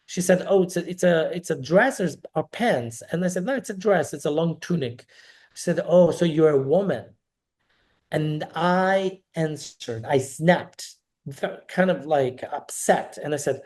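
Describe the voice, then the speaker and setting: A middle-aged man from Naples, Italy, guests on a podcast and tells a personal story in a high-pitched, unhurried voice. He's animated and acts out the quoted dialogue as he goes.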